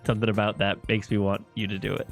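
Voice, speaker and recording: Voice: deep voice, flat delivery, creaky, soft background music. A live streamer in casual chat while playing a game, joking and teasing the co-hosts. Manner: jokey, quick to laugh and tease.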